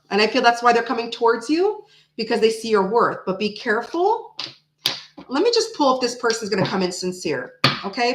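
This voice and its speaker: A woman's voice: on the high side, background noise. Echoey woman doing a tarot reading. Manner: repeats phrases, muses aloud while pulling cards. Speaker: tarot reader. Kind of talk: casual tarot card reading.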